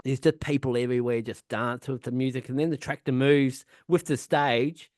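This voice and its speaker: Male podcast co-host, casual rambling storyteller, heavy swearing, mid-pitched, dry close sound. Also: steady tone, normal speed, a little mellow, dry recording. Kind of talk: casual chat.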